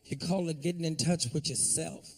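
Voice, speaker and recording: A man's voice: a little high, normal speed, distant mic. A man doing a profane, brash stand-up set, jumping in and out of acted-out voices. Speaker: stand-up comedian.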